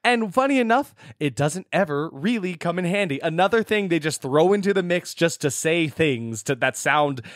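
A man's voice: fairly high pitch, lively intonation, moderate pace, hardly any pauses, no echo, studio quality. A man co-hosting a podcast, recapping a movie's plot in casual chat with sarcastic asides. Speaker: podcast co-host.

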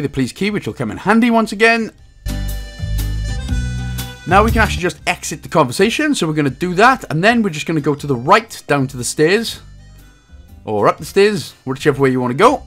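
A man narrating a game walkthrough, joking around and slipping into silly high voices. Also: a bit bright. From Wales. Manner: bursts into silly high-pitched voices and laughs at own jokes. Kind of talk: jokey game walkthrough commentary. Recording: faint game music underneath.

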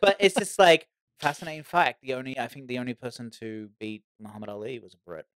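A man's voice: mid-range voice, fast, smooth. A man from Britain co-hosting a podcast, telling stories in casual chat with many stammered restarts. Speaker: podcast co-host.

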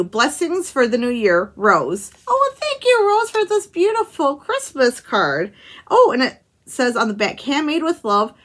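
A woman's voice: a little high, fairly bright tone. Gushing woman unboxing crafts. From United States. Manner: gushing, exclaims often, chuckles. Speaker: craft channel host. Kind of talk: casual unboxing chat to camera.

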